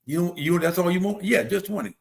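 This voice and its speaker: A man voicing a dry-humored father teasing his grown son, in a wry, deadpan manner. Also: high voice, a little fast, vocal fry, voice pushed up.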